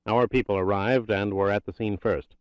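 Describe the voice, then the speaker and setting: Guy voicing a cocky spy agency boss laying out facts, low dry voice. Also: steady tone, normal speed, smooth, no room sound, muffled recording, natural voice. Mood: assured. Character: intelligence director, man, self-assured briefer.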